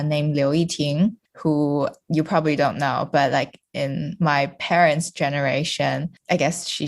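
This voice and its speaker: A woman from China with a notably low voice, chatting on a podcast as a guest. Her talk is loose and casual, full of fillers, and she laughs often. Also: creaky.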